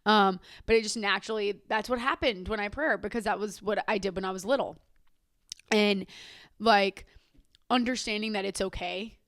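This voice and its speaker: A young woman hosts a podcast in a mid-range voice at an ordinary pace, chatting candidly and casually about personal matters. She swears freely and often restarts her sentences, and the studio-quality recording has no echo.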